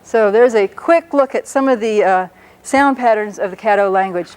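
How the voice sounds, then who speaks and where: A woman lecturing on a language, talking patiently and slowing down to spell out and pronounce each word carefully. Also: mid-range voice, poor audio. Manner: patient, explanatory, slows down to pronounce words carefully. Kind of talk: educational lecture on a public-access show.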